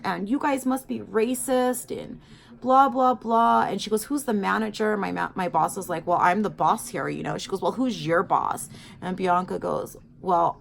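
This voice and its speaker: A woman's voice: medium pitch, vocal fry. A woman vlogger chatting casually while doing makeup, telling a story animatedly and saying "like" and "you guys" a lot. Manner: animated storyteller, acts out quoted people; filler-heavy, says "like" and "you guys".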